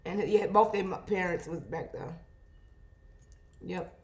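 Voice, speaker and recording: A young woman photographer chatting casually to viewers while she edits, talking in an animated, exclaiming way. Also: lowish voice, a little slow. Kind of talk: casual vlog chat while editing photos. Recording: echoey room.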